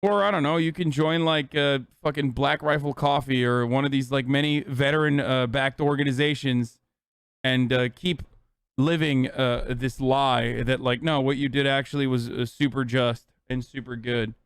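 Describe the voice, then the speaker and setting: A man's voice: medium pitch, steady tone, normal speed, clear, resonant tone, no room sound, studio quality. A man in his thirties streaming, delivering a heated, profane political rant, angry and insistent. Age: 30s.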